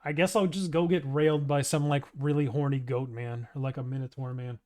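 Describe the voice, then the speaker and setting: A man commenting crudely and loudly on a game he is playing, swearing a lot, laughing often and rambling between lines he reads aloud. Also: medium pitch, fairly even intonation, brisk. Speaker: gameplay streamer.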